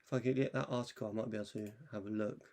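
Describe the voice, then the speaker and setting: A man's voice: lowish voice, fairly even intonation, rapid-fire, darkish tone. Laid-back man chatting about films. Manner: loose, laughing, filler-heavy. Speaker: podcast co-host. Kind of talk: casual film review chat.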